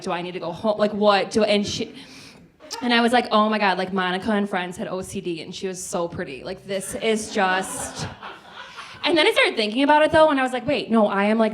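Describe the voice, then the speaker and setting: A woman in her forties from the Midwest, telling a comic personal story on a small theater stage, chatty and full of "like". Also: mid-range voice. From American Midwest. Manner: chatty, lots of "like", acts out quoted voices. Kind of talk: live comedic storytelling.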